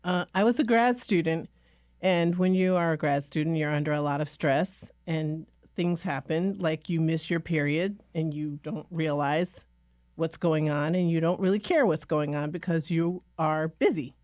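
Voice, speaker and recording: Measured woman co-hosting a podcast. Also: deep voice, a little mellow, dry recording, studio quality. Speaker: podcast co-host. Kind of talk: casual podcast conversation.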